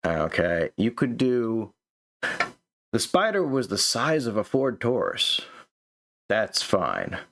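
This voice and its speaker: A man talks casually through a manuscript, criticizing it as he goes. He stammers and repeats words as he thinks aloud. His voice sits on the low side. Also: big pitch swings, takes it slowly, long pauses, a bit bright, a little hiss or hum. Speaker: host reviewing a manuscript. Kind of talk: casual commentary.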